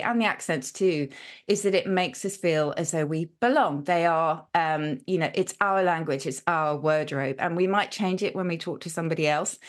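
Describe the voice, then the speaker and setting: A lower-pitched woman talks as a language expert on a live TV studio sofa. She is enthusiastic and chatty, and she keeps stopping herself with ums as she goes. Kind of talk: live TV interview.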